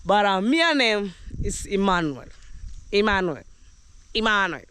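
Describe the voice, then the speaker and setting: A man's voice: high voice, big pitch swings, unhurried, pushed and bright, smooth. A young Kenyan man with a Kenyan accent vlogging while walking through the countryside, chatting casually and rambling upbeat to his viewers with bits of Jamaican slang. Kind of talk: walking vlog, casual talk to camera. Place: outdoors in the countryside.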